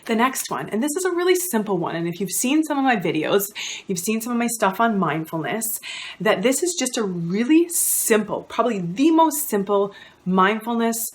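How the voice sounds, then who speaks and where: A woman's voice: mid-range voice, sing-song, normal speed, slight background noise. A woman in her thirties, a counsellor, giving friendly, instructive self-help advice directly to the viewer.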